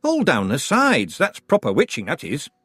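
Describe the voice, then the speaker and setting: A man's voice: fairly high pitch, huge pitch swings, normal speed, fairly bright tone, slightly rough, dry recording, voice pushed up, exaggerated voice. A man voicing an older village woman in an audiobook, chattering proudly and gossiping.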